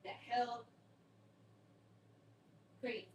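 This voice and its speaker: A woman's voice: on the high side, steady tone, very slow, dull audio, a little hiss or hum. A woman streaming a game from home, chatty and laughing often, her throat sore from smoke allergies. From Canada. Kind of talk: casual let's play chat.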